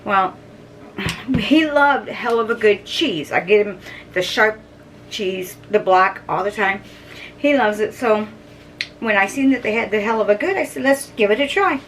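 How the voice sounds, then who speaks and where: A woman's voice: mid-range voice, a little slow, pauses often. A middle-aged woman chatting casually as she tastes and reviews snacks on her video channel, humming and chewing between bites. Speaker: food vlogger. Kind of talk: casual food review to camera. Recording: distant mic, faint background noise.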